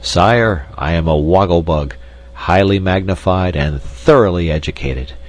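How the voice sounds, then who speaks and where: A man voicing a proud, highly educated giant male insect in a storybook reading, speaking in a pompous, wordy way. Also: measured pace. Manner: proud, pompous, long words.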